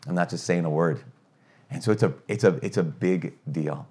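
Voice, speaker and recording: A middle-aged man, a priest, giving a conversational teaching, earnest and energetic with rhetorical questions and frequent restarts. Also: low voice, moderate pace, breathy edge.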